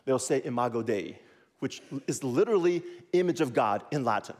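A man preaching a sermon as a pastor, teaching in an animated way and leading the listeners to repeat after him. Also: medium pitch, normal speed, big-room sound. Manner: animated, teaching with call-and-response.

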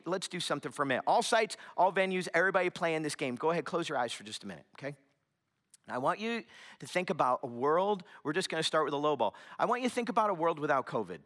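A young adult man preaching a sermon, telling a story with lively animation and dropping to a hushed whisper for emphasis. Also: high-pitched. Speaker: pastor.

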